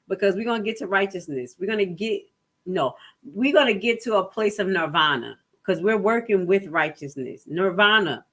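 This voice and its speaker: A woman hosting a casual livestream, speaking. Her delivery is animated and emphatic, full of asides aimed straight at her viewers. When she reads out official text she slows down and stumbles over the words. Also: medium pitch. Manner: reads documents aloud haltingly. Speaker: channel host.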